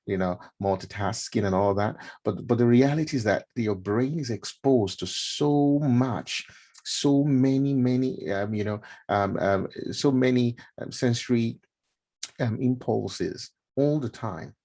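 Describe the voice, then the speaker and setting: A man's voice: mid-range voice, a little slow, warm tone. A middle-aged man from Nigeria giving a casual mentorship talk, chatty and full of fillers and repeated words. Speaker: mentorship speaker. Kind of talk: casual talk to a live stream audience.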